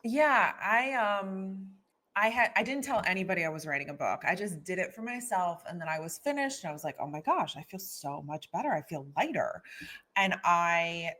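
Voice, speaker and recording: Low-voiced woman telling her story. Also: lively intonation, normal speed, sharp tone. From Philadelphia, USA. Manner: earnest, storytelling, frequent restarts. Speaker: guest author. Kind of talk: candid personal conversation.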